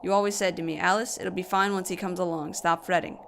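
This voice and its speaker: A woman's voice: on the low side, fairly even intonation, quick pace, slight background noise, lightly acted. A woman reading as a swearing, grief-torn mother. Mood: bitter grief. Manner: tearful, swearing, talking to a grave. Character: grieving young mother, bitter and exhausted.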